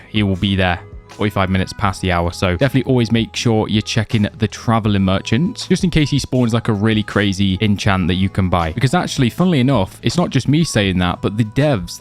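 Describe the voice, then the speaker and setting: A young man who makes gaming videos rambles through a casual gameplay guide, relaxed and chatty and full of fillers like "like" and "you know." His lower voice sounds slightly worn, as though he's losing it, and soft game music plays faintly underneath.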